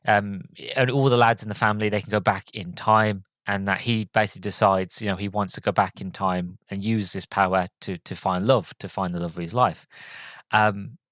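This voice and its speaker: Choked-up man, low dry voice. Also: fairly bright tone, no echo. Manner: hesitant, halting, with frequent fillers and restarts. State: choked up, emotional. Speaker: podcast host. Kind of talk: casual podcast movie review monologue.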